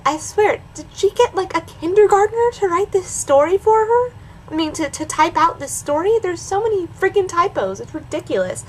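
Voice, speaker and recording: A reaction video host with a very high-pitched, lively voice does a comedic dramatic reading of a bad story at a moderate pace, breaking off for sarcastic, mocking asides. The rough recording carries a little hiss or hum.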